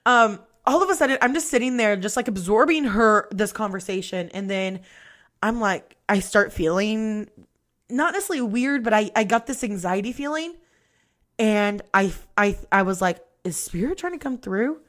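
A woman's voice: mid-range voice, lively intonation, moderate pace, fairly bright tone. Young woman podcast host, casual confessional storytelling, profane and giggly. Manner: candid, profane, laughs often.

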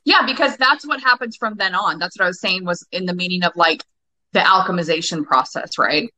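A woman in her forties speaks with a bright, forceful voice. She is emphatic and swears freely as she coaches. The recording is dry, with no room sound. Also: fairly low pitch, fairly quick, no echo, rough recording. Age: 40s. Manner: emphatic, profane, passionate. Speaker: guest, anger-work coach. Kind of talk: podcast interview.

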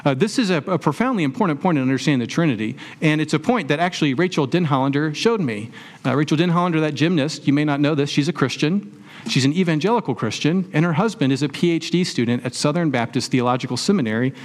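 A man's voice: on the high side, fast. Conversational man preaching a sermon. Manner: conversational preaching with rhetorical questions and everyday examples. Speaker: pastor.

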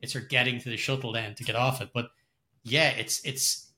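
Bright-voiced man enthusing about a film. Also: medium pitch, steady tone, normal speed. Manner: enthusiastic, rambling with restarts. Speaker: podcast co-host. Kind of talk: casual film discussion.

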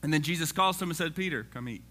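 A man's voice: a little high, animated, very fast, pushed and bright, faint music behind. A man preaching a casual sermon, reading scripture aloud and joking with the congregation.

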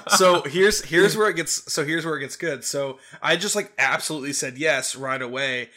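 This podcast co-host, a man in his twenties, gets animated as he recounts something funny, laughing throughout. His voice sits on the high side and moves at normal speed.

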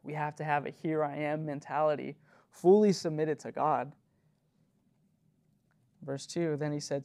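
A young man delivers an earnest, chatty sermon to a youth group. He talks casually, with lots of "you know" fillers and quick nervous laughs. His voice sits a bit high and has some vocal fry. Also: fairly even intonation, mellow. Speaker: youth leader preaching.

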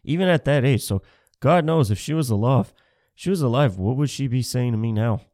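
A man's voice: medium pitch, lively intonation, a little fast, mellow, no echo, clean studio sound. A man in his thirties doing a rambling, profane, self-mocking stand-up comedy set. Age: 30s.

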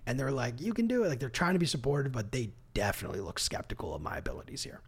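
A man co-hosting a podcast, telling a story in a casual, animated, self-deprecating way and laughing often. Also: medium pitch, rapid-fire, slightly rough. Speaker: podcast co-host. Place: podcast studio.

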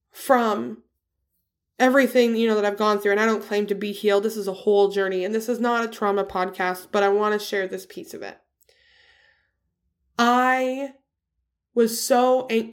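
A woman in her thirties hosting a podcast and talking through a candid, confessional solo monologue with earnest emphasis. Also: mid-range voice. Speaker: podcast host.

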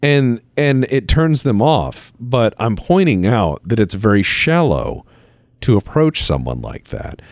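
A man's voice: big pitch swings, no room sound, clean studio sound. A man hosting a podcast, choosing his words carefully because talking hurts his strained voice. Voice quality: deep, resonant voice. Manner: deliberate, measured wording. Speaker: podcast host. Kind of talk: casual podcast chat.

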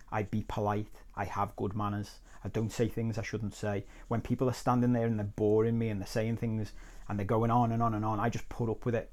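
A man's voice: medium pitch, a little mellow. A man hosting a solo podcast as a life coach. He tells a personal story in a conversational, reflective way with crude asides.

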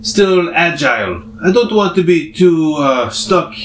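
A man's voice: fairly high pitch, expressive, reverberant, slight background noise. A man playing his character in a tabletop game, talking hesitantly with fillers. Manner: halting, hesitant in-character talk. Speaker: player. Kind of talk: in-character tabletop role-play.

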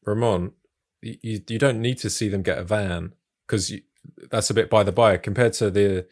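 A man with an English accent co-hosting a casual film podcast, stammering through halting starts. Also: on the low side, steady tone, darkish tone. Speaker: podcast co-host.

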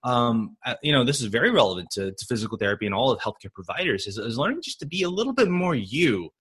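A man in his thirties who works as a physical therapist chats casually on a podcast in English, not his first language. He speaks with a mid-range, breathy-edged voice, animated and quick to laugh, with lots of fillers and restarts.

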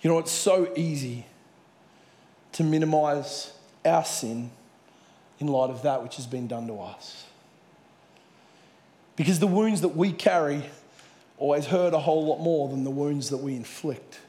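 A man's voice: medium pitch, a little mellow. A man preaching a sermon in a church hall, earnestly retelling a Bible parable. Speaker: pastor.

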